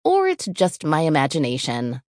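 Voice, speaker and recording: A woman voicing a quiet, thoughtful schoolgirl in a higher, soft voice. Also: wildly swooping pitch, normal speed, dry recording, studio quality. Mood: calm, gentle. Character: quiet, thoughtful schoolgirl who startles easily.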